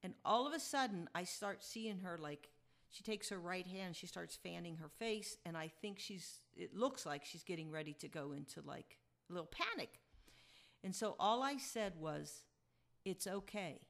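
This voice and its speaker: A woman's voice: on the low side, lively intonation, moderate pace, creaky, a bit bright. A woman podcast host telling a personal story in a chatty, reflective way and chuckling as she goes.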